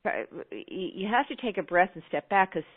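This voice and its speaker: A woman's voice: mid-range voice, animated, moderate pace, slightly rough. A woman radio host summing up her guest's points in a reflective way, often restarting her sentences. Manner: reflective, summarizing, with many restarts. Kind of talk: interview conversation. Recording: phone-like radio line.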